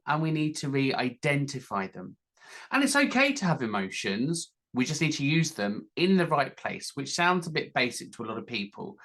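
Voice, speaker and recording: A man's voice: on the high side, a bit bright. A man talking through mental health tips in an informal teaching style, acting out his own inner self-talk as examples.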